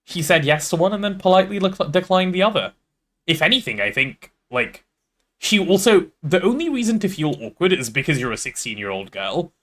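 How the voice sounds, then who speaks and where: A man streaming, reading a novel aloud and then chatting casually, animated and swearing freely. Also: a little high, brisk.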